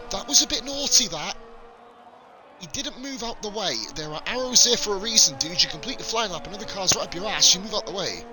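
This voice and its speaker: A man's voice: high voice, bright, forceful tone. A man from England with a slight lisp, giving blunt, sweary live commentary on a sim racing stream into a desk mic.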